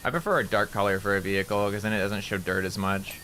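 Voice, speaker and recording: A man's voice: fairly even intonation, fast, bright, forceful tone, slight background noise. A man from Canada chatting casually while streaming a game, rambling, swearing now and then, and cooing at his cats. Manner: coos at cats in a high voice. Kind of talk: casual gaming livestream chat.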